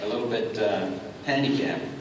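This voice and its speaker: A man telling a lively anecdote to a convention audience and acting out the voices of the people in his story. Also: medium pitch, normal speed, heavy background noise. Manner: acts out quoted dialogue, frequent restarts. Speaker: guest speaker at a fan convention panel. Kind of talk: animated anecdote told to a live audience. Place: large convention hall. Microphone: fan camera far from the stage. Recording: roomy hall reverb heard from far off, loud ambience.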